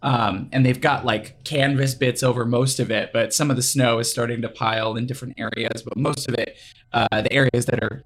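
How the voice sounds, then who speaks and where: A man's voice: medium pitch, fairly even intonation, fairly quick, a bit bright. A man running a tabletop game, describing the scene in a loose, rambling way with many fillers. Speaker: game master.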